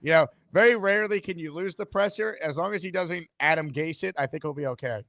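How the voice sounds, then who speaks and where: A man's voice: a little high, a bit bright, dry recording, studio quality. A man hosting a sports talk show, reading ads and taking calls in an upbeat way. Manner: upbeat, quick ad reads and call handling. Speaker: host.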